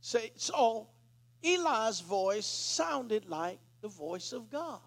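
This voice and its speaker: High-voiced preacher guy, slow and gravelly, preaching a sermon. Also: very animated, fairly bright tone. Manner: preaching with dramatic retelling, clears throat.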